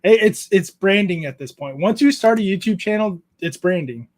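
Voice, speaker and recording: High-voiced, laid-back man swearing casually. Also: expressive, normal speed. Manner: laid-back, swears freely, laughs often while telling stories. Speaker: podcast host interviewing a YouTuber. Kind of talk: casual chat.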